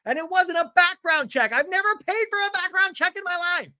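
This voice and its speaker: A man impersonating a shrieking, defensive middle-aged woman from a reality show, yelling frantically. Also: very high voice, lively intonation, brisk, no echo, studio quality, pitched above the performer's own voice, exaggerated voice. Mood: shrill defensive.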